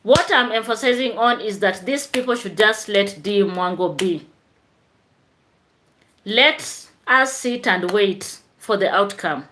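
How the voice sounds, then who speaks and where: A woman's voice: medium pitch, fairly bright tone. A woman teacher hosting a chatty live stream, tired after work, answering viewer comments.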